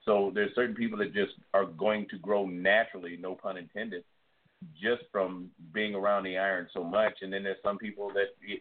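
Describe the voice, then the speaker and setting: A man co-hosting a casual chat show, rambling and earnest. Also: sits low. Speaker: co-host. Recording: tinny phone-like line.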